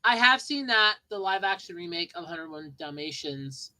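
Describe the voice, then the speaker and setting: A woman's voice: lowish voice, expressive, moderate pace, pushed and bright, poor audio. A woman hosting a podcast, telling rambling childhood stories and chatting casually about movies, often repeating herself and laughing. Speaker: podcast host. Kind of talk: casual storytelling and movie chat.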